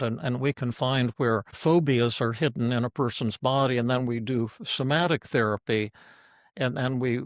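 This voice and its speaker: A frank older man talks through a teaching session, spinning one case story after another in a plain, blunt way. His voice sits at an ordinary pitch for a man and sounds close and dry, with no room echo. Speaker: psychiatrist and teacher. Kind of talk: informal teaching talk with stories.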